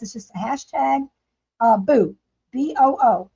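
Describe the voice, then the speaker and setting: A high-pitched, mellow voice with vocal fry belongs to a woman speaking at a moderate pace. She hosts a casual craft livestream from home, painting as she chats and laughs with viewers. Expect dull, lo-fi livestream audio.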